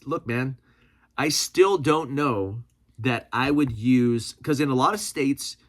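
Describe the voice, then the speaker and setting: A man hosting a vlog and reacting to viewer comments in a casual, rambling way, often correcting himself mid-sentence and laughing. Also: mid-range voice. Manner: excitable, quick shifts in loudness. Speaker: prepping channel host.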